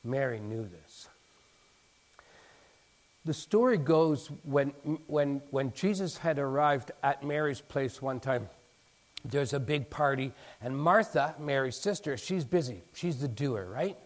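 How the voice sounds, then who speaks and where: A man preaching a sermon in an animated way, acting out bits of dialogue and building to emphatic peaks. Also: medium pitch, slow pace. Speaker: pastor.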